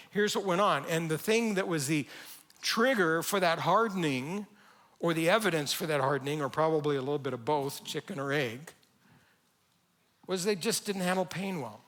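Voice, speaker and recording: Animated pastor preaching a sermon. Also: male voice, on the high side. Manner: conversational and animated, acting out quoted lines. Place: church sanctuary.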